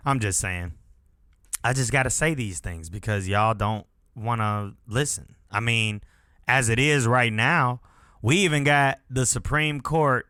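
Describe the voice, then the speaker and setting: Animated, bright-voiced man ranting. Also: mid-range voice, slow pace, smooth, dry recording, studio quality. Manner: blunt and profane, emphatic and opinionated. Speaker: podcast host. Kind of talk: casual solo podcast rant.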